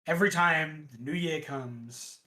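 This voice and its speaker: A man running a tabletop game as game master, explaining things in an unhurried, hesitant way with many fillers. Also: on the high side, bright, forceful tone. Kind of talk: casual tabletop game narration.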